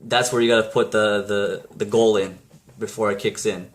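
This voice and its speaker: A man's voice: fairly low pitch, fairly even intonation, normal speed. A man talking casually to camera, giving blunt, rambling motivational advice full of restarts and mild swearing. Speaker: vlogger.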